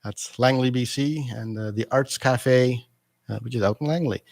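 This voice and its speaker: A man with a mid-pitched voice hosts a community radio interview. He stumbles through fillers and restarts as he talks, and his voice sounds dry and close to the mic. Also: normal speed, vocal fry, no echo. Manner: hesitant, with many fillers and restarts. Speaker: radio host.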